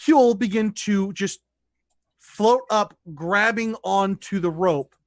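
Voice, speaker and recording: A man's voice: high voice, slow, dry recording. A man running a tabletop game as dungeon master, narrating loosely with restarts. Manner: loose, conversational rulings with restarts.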